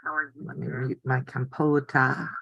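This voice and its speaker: A woman's voice: extremely low pitch, flat delivery, normal speed, vocal fry, a bit bright, slightly rough, dry recording, highs cut off. An older woman hosting a casual live stream from her home craft room, chatty and easily delighted. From United States. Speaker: quilting channel host.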